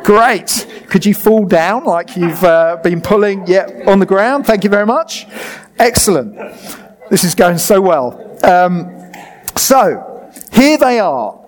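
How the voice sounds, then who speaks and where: A man with a fairly high voice, preaching a sermon. He is lively and jokes with the congregation as he explains and directs a demonstration. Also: takes it slowly.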